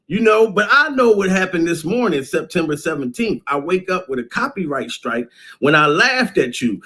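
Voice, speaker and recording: A man ranting in a loud, mocking way, often laughing between phrases. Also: a little high, very animated, normal speed. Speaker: vlogger. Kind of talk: profane rant.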